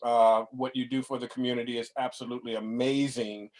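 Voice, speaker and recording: A man's voice: mid-range voice, level tone, fairly quick. A man, a reverend and guest speaker, chatting effusively over a video call and often restarting his words. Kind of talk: casual chat.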